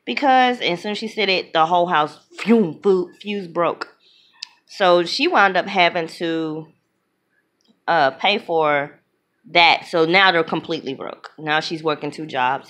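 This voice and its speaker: A woman casually retelling a film's plot as a reviewer, blunt and opinionated, slipping into quick voices for the characters. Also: on the low side. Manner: animated, acts out characters' lines in quick voices. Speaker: movie reviewer.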